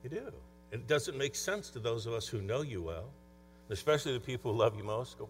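A man's voice: mid-range voice, very animated, fairly quick. A man speaking as a conference speaker and coach, telling stories in a conversational motivational talk. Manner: conversational storytelling. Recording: long hall reverb, faint mains hum.

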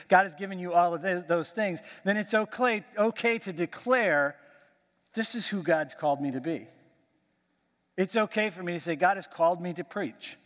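A man preaching a sermon as pastor of his church, emphatic and building with dramatic pauses. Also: fairly high pitch, fairly bright tone. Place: church sanctuary. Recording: church hall reverb.

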